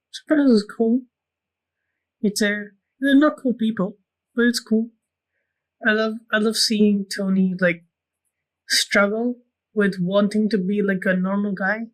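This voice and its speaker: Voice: medium pitch, rough recording. A podcast co-host in casual chat, laid-back and enthusiastic, swearing casually.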